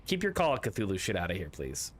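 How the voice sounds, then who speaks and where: A man's voice: lowish voice, sing-song, quick pace, slight background noise. A man streaming a tabletop game with friends, chatting casually, rambling through jokes and riddles and swearing now and then.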